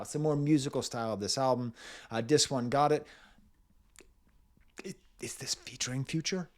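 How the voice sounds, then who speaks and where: Chatty man reviewing an album. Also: mid-range voice. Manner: thinking aloud, frequent uh and restarts, chuckling asides. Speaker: music reviewer.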